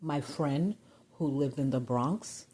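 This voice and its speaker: A woman venting in a rambling personal vlog, getting agitated and loud when riled. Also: a bass voice, takes it slowly, breathy edge. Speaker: vlogger.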